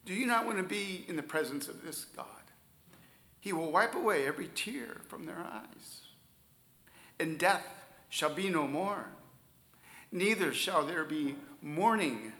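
A man preaching a sermon, stressing key words loudly and then dropping to near-whispers. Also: fairly high pitch, expressive, slow, long pauses, echoey room. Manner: emphatic preaching, swings from loud stresses to soft near-whispers. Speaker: pastor.

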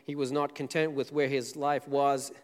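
Joking pastor in an echoey hall. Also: male voice, medium pitch, flat delivery, normal speed. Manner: casual, joking storytelling with acted quotes. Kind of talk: sermon.

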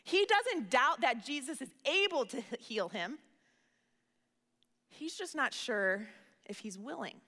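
A woman's voice: high voice, lively intonation, a little slow, pauses often, bright, forceful tone. A woman giving a sermon in an earnest, conversational way, often repeating words as she starts a phrase. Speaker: preacher. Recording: reverberant hall.

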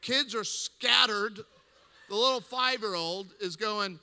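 A man speaking to a men's gathering, telling a funny story in an animated way, laughing and acting out voices. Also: high-pitched, takes it slowly, in a large hall, slight background noise. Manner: animated, acts out quoted voices, laughs often. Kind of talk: humorous storytelling talk.

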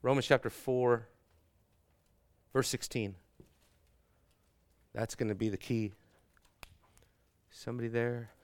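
A man's voice: medium pitch, fairly even intonation, slow pace, pauses often. A man teaching theology to a classroom, talking conversationally with frequent fillers and rhetorical questions. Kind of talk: classroom lecture.

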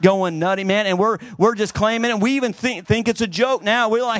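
Fervent preacher man, higher voice. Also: fairly quick, hardly any pauses, no echo, clean studio sound. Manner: fervent, emphatic preaching with sudden swings between loud and hushed. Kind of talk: sermon.

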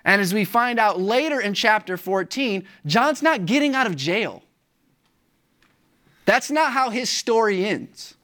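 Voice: animated, unhurried, sharp tone. Emphatic preacher asking rhetorical questions. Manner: varies pitch and volume for emphasis. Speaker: pastor. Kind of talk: sermon.

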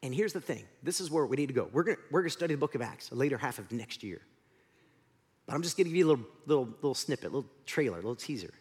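A male pastor preaching a sermon, telling the story with lively acted-out voices. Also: medium pitch, very fast, breathy edge. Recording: long hall reverb.

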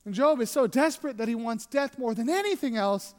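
A pastor preaching an earnest sermon, shifting between emphatic and hushed delivery. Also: medium pitch, lively intonation, a little fast, long reverb tail.

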